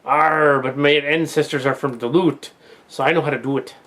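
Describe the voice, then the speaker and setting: Man playing a folksy woman politician, fake Minnesota accent, sing-song, pitched up. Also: fairly even intonation, normal speed, a bit bright, lightly acted. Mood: folksy mocking. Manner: sing-song, folksy, repeats "don't you know".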